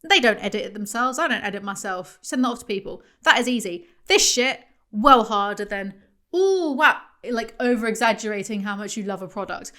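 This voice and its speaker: A woman's voice: medium pitch, a little fast, hardly any pauses, fairly bright tone. Sarcastic young woman rambling. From southwest England. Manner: sarcastic, rambling, swears freely. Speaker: YouTuber. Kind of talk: comedic commentary vlog.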